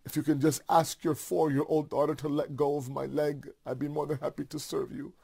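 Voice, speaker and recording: Man doing a loyal old warhorse in a sermon story: quiet, pleading, gravelly edge. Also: fairly high pitch, level tone, fairly quick. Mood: devoted. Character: loyal devoted male warhorse, weary but willing.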